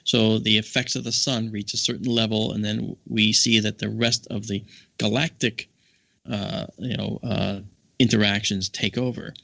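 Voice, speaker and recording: A man on a casual podcast, telling a lively anecdote and acting out the people he quotes with big jumps in his voice. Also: moderate pace, creaky, dry recording. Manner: animated storyteller, acts out quoted voices with big pitch jumps. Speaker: podcast co-host. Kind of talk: casual storytelling chat. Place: home office.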